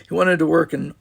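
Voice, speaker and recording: A man's voice: a little high, vocal fry, husky. A man reading a novel aloud, with wry casual asides. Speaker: audiobook narrator.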